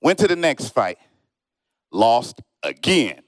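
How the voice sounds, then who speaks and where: A man doing a stand-up comedy set on stage, telling stories in an animated way and acting out the people in them. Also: medium pitch, slow pace, no echo. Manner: animated storytelling, acts out friends and strangers in quoted voices. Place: comedy show stage, live audience.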